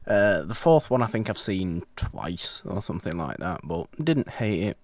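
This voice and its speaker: Wry man, low dry voice. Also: very animated, moderate pace, dry recording. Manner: rambling, self-correcting, wry. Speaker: podcast co-host. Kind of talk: casual film chat.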